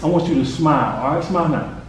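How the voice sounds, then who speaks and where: A man with a fairly high, fast voice pushes a boy forward through a hands-on faith session using brief, urgent, encouraging commands. The recording is noisy and echoey, picked up from a distance.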